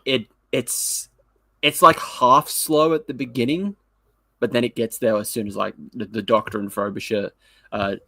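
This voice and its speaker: A man's voice: mid-range voice, steady tone, moderate pace, bright, forceful tone, no room sound. A man co-hosting a live review show in a loose, chatty way. His voice sits in a middle range and the sound is dry and close. He rambles and laughs as he goes. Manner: jokey, laughs often, rambling. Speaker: podcast co-host. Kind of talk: casual live review chat.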